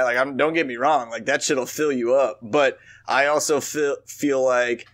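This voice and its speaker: Dude cohosting a podcast, relaxed and chatty, swears a lot, middle pitch. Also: male voice, normal speed, hardly any pauses. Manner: laid-back, profane, chatty. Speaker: podcast co-host. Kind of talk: casual chat.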